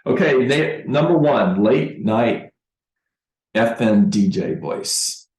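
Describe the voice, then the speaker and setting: A man giving a motivational sales training talk as a real estate coach, deliberate and emphatic, repeating key phrases. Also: medium pitch, expressive, a little mellow, roomy sound, rough recording.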